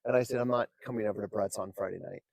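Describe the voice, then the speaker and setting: A man telling long, animated stories in casual chat, swearing freely and acting out what people said. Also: fairly low pitch, rapid-fire, creaky, no echo. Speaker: podcast guest. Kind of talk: casual storytelling.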